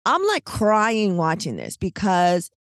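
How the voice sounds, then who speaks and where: A woman co-hosting a podcast, telling a long story in casual, animated, slangy chat, full of "like" and "right?". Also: medium pitch, slow pace, no echo, studio quality. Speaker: podcast co-host.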